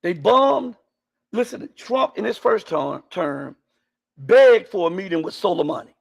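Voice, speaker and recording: High-pitched gravelly man, heated commentary. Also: animated, unhurried. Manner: heated, repetitive, rhetorical questions, bursts of shouting. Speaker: political commentator. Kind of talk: impassioned live-stream commentary.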